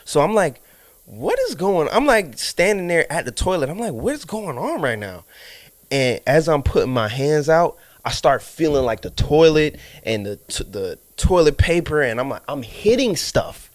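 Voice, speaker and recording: A man's voice: a little high, normal speed. Man telling a wild story on a podcast. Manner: animated storyteller, acts out his own lines, swears often. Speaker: podcast co-host. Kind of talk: casual storytelling chat.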